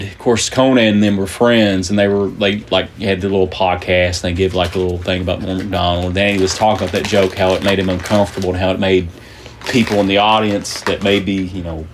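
A man's voice: low-pitched, a little hiss or hum. A man hosting a podcast, chatting casually and rambling with many fillers and restarts. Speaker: podcast host. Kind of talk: casual joke-telling chat.

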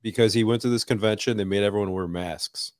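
A man co-hosting a podcast, telling stories with animated frustration. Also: fairly low pitch, fast, dry recording, clean studio sound. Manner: animated griping storyteller. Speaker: podcast co-host. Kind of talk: casual chat.

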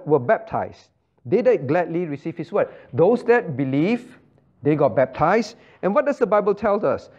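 Repetitive higher-voiced pastor teaching Bible class. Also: male voice, a little mellow. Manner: repeats key phrases, quizzes listeners by name. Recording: muffled lo-fi recording.

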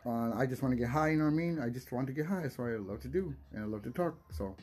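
A man's voice: mid-range voice, rapid-fire, darkish tone. A young man hosting a casual solo podcast, rambling with lots of swearing, laughs and restarted words. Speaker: podcast host.

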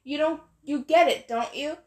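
A woman's voice: high voice, normal speed, echoey room, pitched above the performer's own voice, close to an everyday voice. A woman reading an audiobook, voicing a clever, earnest teenage girl.

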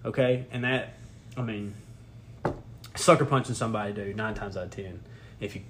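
A man's voice: lowish voice, moderate pace, fairly bright tone, slight background noise. A young man co-hosting a podcast, telling a rambling, profane story in casual chat and laughing as he goes. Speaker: podcast co-host.

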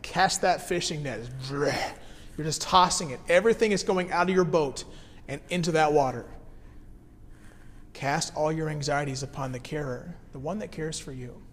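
A man's voice: fairly high pitch, measured pace, pauses often, in a large hall, slight background noise. A man in his thirties, a care pastor, preaching a sermon in an easygoing way, reading scripture and then explaining it plainly.

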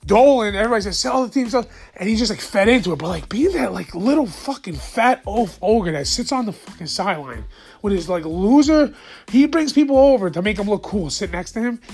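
High-pitched heated sports ranter, man. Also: lively intonation, a little fast, darkish tone, a little hiss or hum. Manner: profane, heated, blunt. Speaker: sports podcast host. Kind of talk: casual sports rant.

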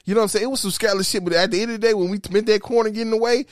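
A man's voice: high voice, racing, dry recording, studio quality. Profane man telling stories. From Detroit, Michigan. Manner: profane, animated storyteller. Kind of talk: casual storytelling chat.

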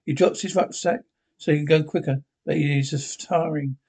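A man's voice: on the high side, fairly even intonation, normal speed, darkish tone. A man reading a script and its stage directions aloud in a plain way, with small slips and restarts.

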